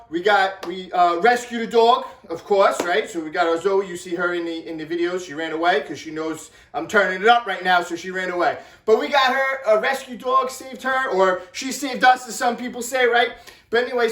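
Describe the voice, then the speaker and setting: A middle-aged man telling an animated vlog story, excitable and repeating himself as he acts out what people said. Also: sits high, normal speed. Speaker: vlogger. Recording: echoey room, distant from mic.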